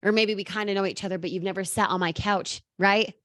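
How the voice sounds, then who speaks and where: A woman's voice: mid-range voice, steady tone, fast talker, fairly bright tone, dry recording, studio quality. A woman giving a bold, sassy motivational talk as a sales coach, calling out viewers by name.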